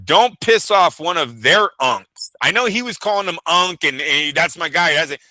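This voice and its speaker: A man co-hosting a boxing podcast, talking in a blunt, emphatic and profane way. His voice is very bright and forceful and sits somewhat high. It sounds dry and close to the mic. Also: lively intonation, moderate pace, dry recording, low-quality recording. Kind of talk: casual opinionated chat.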